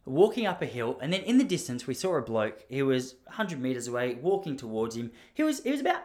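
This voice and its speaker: A man's voice: mid-range voice, very animated, fast talker, darkish tone. Rambling Australian man telling a story. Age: 30s. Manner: rambling, self-deprecating, many asides. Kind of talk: casual storytelling.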